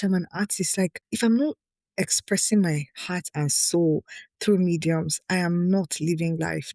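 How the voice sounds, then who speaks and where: A woman's voice: on the low side, darkish tone, no echo. A woman hosting her own podcast, reading a personal article aloud and breaking off into frank, emotional asides to her listeners. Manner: candid and emotional, often breaking off to address listeners directly. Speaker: podcast host.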